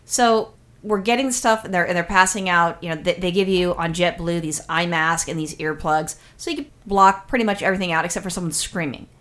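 A woman chatting as a podcast co-host, rattling off a long anecdote at a quick clip. She swears often and tells it loosely, with lots of restarts and asides. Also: on the low side. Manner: rambling, profane, animated storyteller. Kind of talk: casual storytelling chat.

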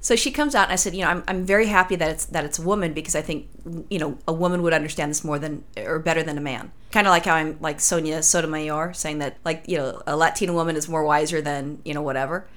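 A woman's voice: deep voice, steady tone, quick pace, hardly any pauses. A woman from Los Angeles telling a crude story in casual chat, swearing freely as a podcast host.

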